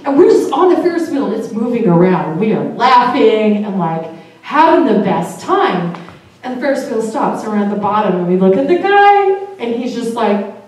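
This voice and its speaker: A woman's voice: a little high, big pitch swings, normal speed, a little mellow. A woman telling a personal story to a live audience in a casual, chatty way, laughing often and swearing now and then. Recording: very echoey room, voice far from mic.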